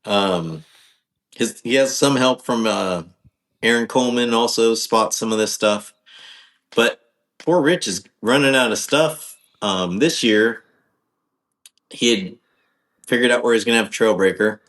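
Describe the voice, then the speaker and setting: A man's voice: mid-range voice, measured pace, long pauses, a bit bright. A man guesting on a podcast, talking casually in a rambling, hesitant way with many ums and restarts. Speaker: podcast guest, off-road driver.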